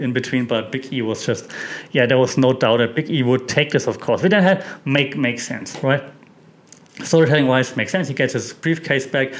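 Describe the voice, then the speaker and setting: A man hosting a casual wrestling recap, chatty and opinionated, with many fillers and restarts. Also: mid-range voice. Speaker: wrestling podcast host.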